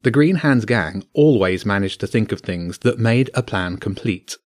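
A man narrating a children's adventure story aloud in a steady, measured way. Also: fairly low pitch, dry recording, clean studio sound.

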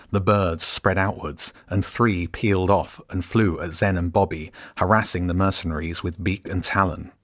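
A man narrating a storybook in a steady, measured reading voice. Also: low voice.

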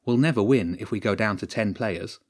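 A man's voice: lowish voice, fairly quick, no echo, studio quality, natural voice. A man reading a story, voicing an anxious young girl football player in a hesitant, pleading way. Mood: urgent.

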